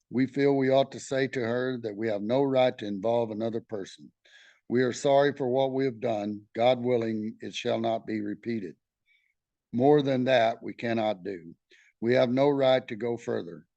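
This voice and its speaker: A middle-aged Texan man leading a study group, reading aloud and sharing his own experience in a candid, halting way, with many fillers and restarts. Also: mid-range voice, gravelly, darkish tone, no room sound. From Texas.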